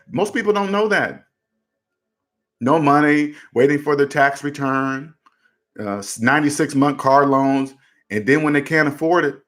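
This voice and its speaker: A man hosts a personal finance talk, speaking casually but with preachy insistence. His voice sits a bit high, and he hammers each point by saying it twice. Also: fairly bright tone. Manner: emphatic and repetitive, preachy, drives points home. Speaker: personal finance channel host. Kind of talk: casual commentary to camera.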